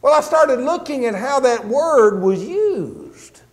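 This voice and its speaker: A man preaching a conversational sermon, teaching on a Bible passage and slowing down to read scripture aloud. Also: extremely high pitch, expressive, in a large hall. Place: church sanctuary.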